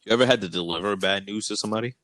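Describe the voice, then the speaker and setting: A man's voice: fairly low pitch, racing, fairly bright tone, no echo. A man co-hosting a casual podcast, speaking in a laid-back way full of fillers. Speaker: podcast co-host. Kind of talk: casual chat.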